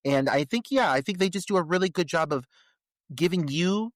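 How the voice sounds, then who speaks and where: A man's voice: a little high, expressive, fairly quick, dry recording. Podcast guy reviewing a horror movie, lots of uh and like, dry mic. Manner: rambling, many fillers and restarts. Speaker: podcast co-host. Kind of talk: casual movie review chat.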